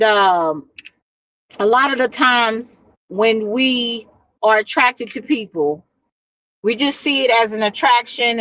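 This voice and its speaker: A woman's voice: fairly high pitch, fairly bright tone, dry recording, low-quality recording. Blunt Texan woman giving advice. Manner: blunt, preachy advice with frequent restarts. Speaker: livestream host. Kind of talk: casual livestream talk.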